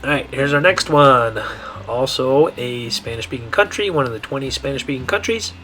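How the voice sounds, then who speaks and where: Man teaching Spanish pronunciation slowly. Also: medium pitch, a bit bright. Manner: slow, repetitive modeling of words with frequent checks. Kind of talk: pronunciation lesson.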